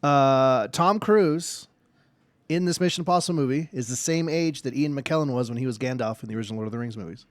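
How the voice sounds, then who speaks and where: A man's voice: mid-range voice, fairly quick, no room sound. A man chatting casually at a tabletop game, easygoing and dry. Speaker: player.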